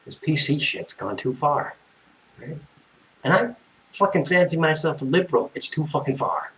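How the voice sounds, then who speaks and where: A man's voice: fairly high pitch, very animated, normal speed, sharp tone, slight background noise, rough recording. An American man telling a personal story as a vlogger, exasperated and swearing constantly, wandering off on tangents. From United States. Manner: profane, exasperated, tangent-prone.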